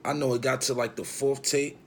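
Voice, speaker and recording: Gravelly guy rambling through a story, swears a lot, bit of hiss behind. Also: mid-range voice, flat delivery, brisk. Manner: rambling, profane, conversational. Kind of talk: casual storytelling.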